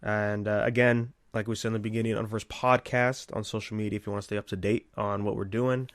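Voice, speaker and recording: A man co-hosting a podcast in an easygoing, rambling chat. His voice sits on the low side, and the sound is dry and close, with no room around it. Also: fast talker, dry recording. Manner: relaxed, rambling, filler-heavy. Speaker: podcast co-host.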